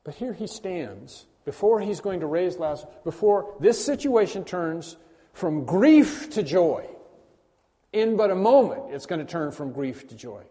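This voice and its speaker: A man preaching a sermon as pastor, repeating key phrases with emphasis and swinging between loud and hushed delivery. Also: high-pitched, sing-song, a little slow. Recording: long reverb of a large hall.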